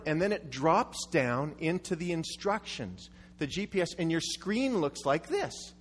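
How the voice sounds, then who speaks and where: Animated male preacher in a hall. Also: sits high. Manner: animated storytelling with acted-out quotes. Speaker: pastor. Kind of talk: sermon. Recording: echoey hall.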